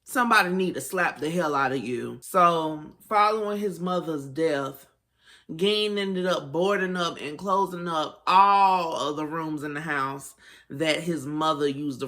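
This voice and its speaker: A woman's voice: low-pitched, measured pace, fairly bright tone. A woman telling a true-crime story as a casual bedtime tale, with sassy, chatty asides. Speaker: storyteller host.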